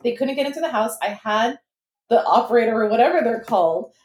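A young woman with a fairly high voice co-hosts a casual podcast, telling her story in an animated way and swearing freely. The room around her has a noticeable echo. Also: fast. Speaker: podcast co-host. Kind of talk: casual chat.

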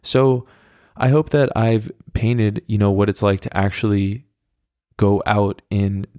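A man's voice: fairly low pitch, flat delivery, takes it slowly, warm tone, no echo, studio quality. A young man in his twenties hosting a podcast, telling a long story in a rambling, wry way with plenty of swearing. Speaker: podcast host. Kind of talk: casual storytelling monologue.

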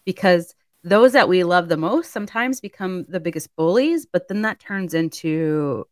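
A woman's voice: fairly low pitch, animated, normal speed, no room sound. A woman co-hosting a casual chat, a chatty storyteller who laughs often. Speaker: podcast co-host.

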